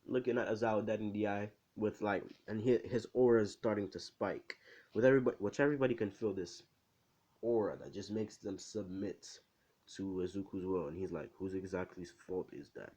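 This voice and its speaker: A man's voice: on the low side, brisk, warm tone. Rambling young man telling a fan story. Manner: rambling, full of fillers and "right?" asides. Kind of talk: casual improvised fan-story narration.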